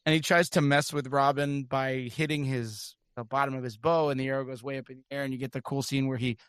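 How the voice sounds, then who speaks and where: A man's voice: medium pitch, level tone, quick pace, a bit bright, clear, resonant tone, dry recording, studio quality. A man co-hosting a podcast, chatting casually as he retells a film and laughing along the way. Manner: laughs while telling the story. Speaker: podcast co-host. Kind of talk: casual chat recapping a film.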